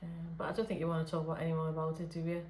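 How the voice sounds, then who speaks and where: A woman speaks softly as a spirit medium during an improvised late-night channelling session, hesitant with frequent fillers and restarts. Her voice sits low with a completely flat delivery, racing along in an echoey room.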